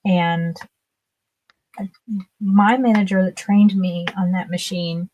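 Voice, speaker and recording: A woman's voice: on the low side, steady tone, takes it slowly, a little mellow, a little hiss or hum. A woman in her fifties, a guest on a livestream, telling casual stories in a chatty way and laughing often. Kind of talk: casual storytelling.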